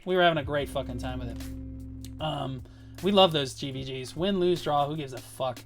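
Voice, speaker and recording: A man's voice: on the high side, normal speed, faint music behind. A man talking casually on a livestream as a guild leader, rambling and swearing as he tells boastful stories. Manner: profane, rambling, boastful storytelling.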